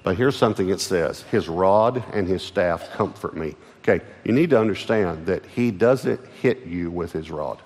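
Low-voiced Texan pastor preaching in a hall. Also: male voice, normal speed, hardly any pauses, darkish tone. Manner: emphatic preaching with repeated restarts. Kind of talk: sermon. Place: large church auditorium. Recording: long hall reverb with faint music.

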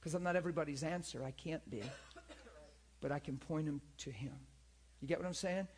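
Guy preaching kinda casual, pitch on the high side, earnest, keeps going "you see what i mean?". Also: fairly quick, slight background noise. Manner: animated, acts out people in high pleading voices; earnest, repeats himself, asks listeners for agreement. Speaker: pastor and teacher. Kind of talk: conversational church teaching.

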